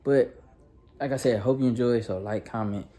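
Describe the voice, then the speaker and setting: A man's voice: medium pitch, fairly quick. Man in his thirties preaching from afar. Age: 30s. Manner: casual, animated storytelling with frequent laughs. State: nervous. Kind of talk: storytelling sermon. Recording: echoey room from a distance.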